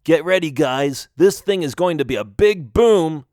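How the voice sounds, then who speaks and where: An eager, upbeat young miner lad, voiced by a man reading an audiobook. The voice sits a touch high and swings widely in pitch. It is recorded close and dry. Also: animated, unhurried, darkish tone, no echo. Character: bold young male miner friend, eager. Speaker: audiobook reader. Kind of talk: audiobook character voice.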